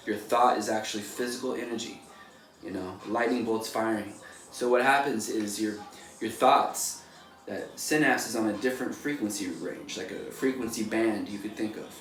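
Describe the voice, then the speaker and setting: A man, a painter, giving a casual motivational talk in a loose, rambling way full of "like" and "you know", recorded from a distance in an echoey room. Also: lowish voice. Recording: echoey room, distant mic, faint noise.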